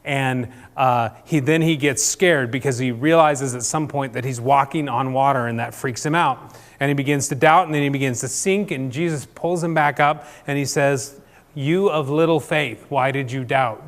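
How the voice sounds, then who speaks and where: A man's voice: mid-range voice, moderate pace, fairly bright tone, long reverb tail. A man giving a conversational sermon, chatty and often checking in with "right?". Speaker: church speaker.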